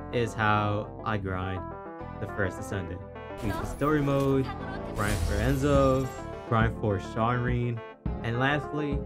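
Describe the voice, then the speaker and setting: Man muttering over gameplay, swearing. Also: medium pitch. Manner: swings from flat muttering to shrieking excitement, swears often. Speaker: gaming channel host. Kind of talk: live gameplay reaction and commentary.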